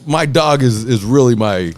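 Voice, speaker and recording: Guy hosting a podcast, swearing and laughing through a rant, does little voices for people in his stories, normal pitch, faint music under it. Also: animated, moderate pace. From Southern California. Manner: profane, laughing, acts out quoted voices. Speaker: podcast host. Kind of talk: casual comedic rant.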